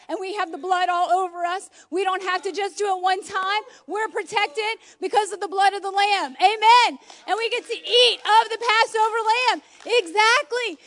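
Passionate woman preacher, very high voice, exclamatory, recorded on a phone at home. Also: a bit bright. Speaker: homeschool mom preaching. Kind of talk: informal sermon.

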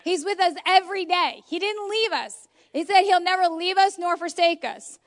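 High-voiced passionate woman preaching. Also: moderate pace. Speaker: homeschool mom preaching. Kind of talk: informal sermon. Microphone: phone.

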